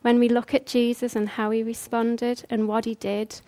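A woman's voice: on the high side, level tone, normal speed, dark tone. A woman preaching a conversational sermon, earnest and full of rhetorical questions.

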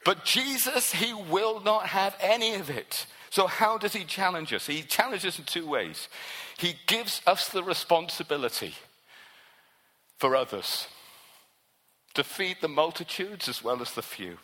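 A man's voice: sits high, animated, a little slow, bright, forceful tone. A man preaching a sermon in a church, emphatic and repetitive in his rhetoric. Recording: long hall reverb.

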